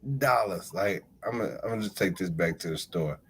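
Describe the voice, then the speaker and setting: Deep and a little fast, the voice of this podcast host in his forties comes through slightly rough on a low-quality recording. He's an animated storyteller who laughs often and acts out the people who call in, all in casual conversation.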